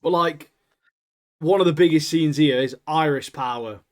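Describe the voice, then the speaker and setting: A man's voice: fairly high pitch, moderate pace. Laughing man chatting casually. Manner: laughing, slangy, says "mate" a lot. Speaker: podcast co-host. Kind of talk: casual chat.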